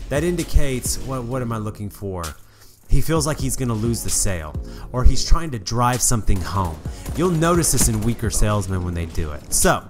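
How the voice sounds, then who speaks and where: Man, mid-pitched, lecturing casually over clear background music, repeats himself for emphasis. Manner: conversational, emphatic, preachy advice with repeated restarts. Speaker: gaming commentary host. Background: music playing under the voice.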